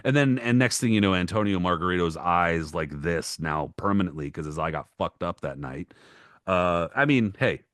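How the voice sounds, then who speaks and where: Podcast co-host, a man with a deep voice, cursing and exasperated, dry close sound. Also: expressive, a bit bright, no echo. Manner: profane, exasperated ranting; rapid listing with mock-quoted voices. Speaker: podcast co-host, boxing historian. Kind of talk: casual podcast rant.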